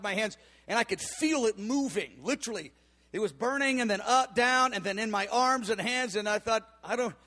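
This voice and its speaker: High-voiced preacher telling a testimony. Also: male voice. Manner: storytelling, swings from quiet to shouted bursts. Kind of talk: sermon testimony.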